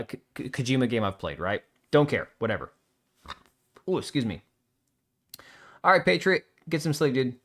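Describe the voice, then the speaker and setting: A man's voice: medium pitch, fairly bright tone. A man hosting a live show, reading viewer comments aloud and reacting with blunt, sarcastic casual commentary. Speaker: livestream host.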